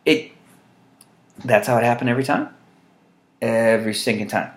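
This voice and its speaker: A man telling funny stories as a vlog monologue, wry and rambling, with loud mock voices for the people he quotes. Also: medium pitch, fairly even intonation, brisk. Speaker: vlogger. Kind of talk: humorous storytelling monologue.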